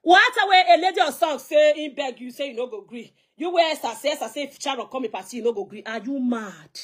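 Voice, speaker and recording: High-voiced Nigerian woman ranting hotly. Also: fast talker, a bit bright. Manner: confrontational, scolding, mixes pidgin with English. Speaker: social media personality. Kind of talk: heated live video rant.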